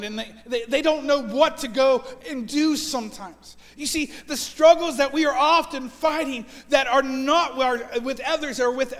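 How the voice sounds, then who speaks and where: In a church sanctuary with long reverb, a pastor in his forties preaches a sermon earnestly, often repeating words as he builds a point. His voice is very high and fairly bright.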